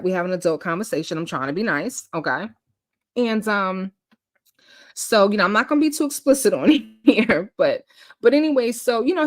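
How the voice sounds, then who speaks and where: A woman telling a dating story in a casual livestream chat, laughing and answering her viewers as she goes. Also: a little high. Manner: animated, laughing, reacts to chat mid-story. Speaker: storytelling host.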